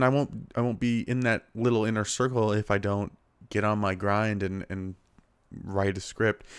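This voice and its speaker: Low-voiced young man rambling on a podcast. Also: smooth, no echo. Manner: rambling, filler-heavy, self-deprecating. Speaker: podcast host. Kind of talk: casual solo podcast monologue. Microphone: small handheld recorder.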